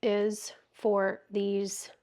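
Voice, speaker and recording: A soft-spoken woman chatting casually while walking around her home for a vlog, thinking aloud into a wireless clip-on mic. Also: mid-range voice, completely flat delivery, extremely slow. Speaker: vlogger testing a new camera.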